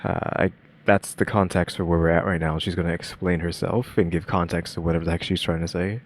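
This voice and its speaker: A man's voice: deep voice, little pitch movement, fast, dry recording. A man streaming a reaction video, talking casually and rambling with lots of fillers and restarts. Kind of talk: casual commentary.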